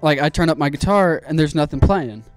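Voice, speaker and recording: Young male streamer, animated and profane, pitched a bit high, light music bed. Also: a little fast, no echo. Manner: animated, swearing, excitable storyteller. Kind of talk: casual storytelling while building a PC.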